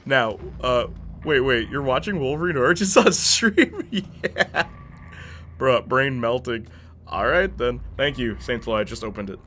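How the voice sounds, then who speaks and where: A man's voice: mid-range voice, animated, unhurried, a bit bright, slight background noise. A young man chatting casually as a streamer while reacting to a movie, rambling and slangy, laughing often.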